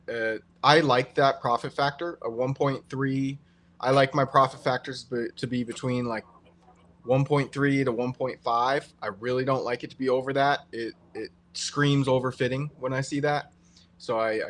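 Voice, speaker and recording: Male co-host, relaxed explainer, medium-pitched voice. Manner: relaxed explaining, with many fillers. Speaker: co-host and trader. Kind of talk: casual live-stream chat.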